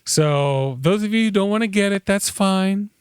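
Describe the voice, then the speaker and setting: Smooth-voiced man telling rambling stories. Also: high voice, normal speed, dry recording, studio quality. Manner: rambling storyteller, frequent fillers. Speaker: podcast co-host. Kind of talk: casual chat.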